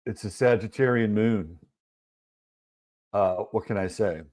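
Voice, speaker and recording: A man's voice: on the low side, unhurried, darkish tone. A man hosting a casual livestream, chatting loosely and greeting viewers in the chat one by one. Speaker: livestream host.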